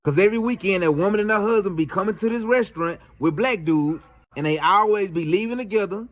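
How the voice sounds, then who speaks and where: A man's voice: sits high, quick pace, lightly acted. A man voicing a male restaurant valet, who speaks bluntly in a warning tone.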